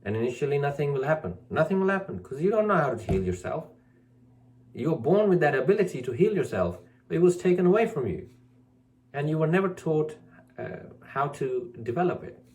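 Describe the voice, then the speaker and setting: A man's voice: very animated, a little fast, a little mellow. Emphatic, scolding spiritual teacher, man. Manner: emphatic, scolding, repeats phrases; mocks others in a whiny high voice. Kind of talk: preachy monologue to camera.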